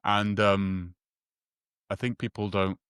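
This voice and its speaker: Halting, low-voiced man telling a story. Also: flat delivery, fairly bright tone, smooth, no echo. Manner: halting, many restarts and repeated words, acts out quoted dialogue. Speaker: guest telling a personal story. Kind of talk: casual conversational storytelling.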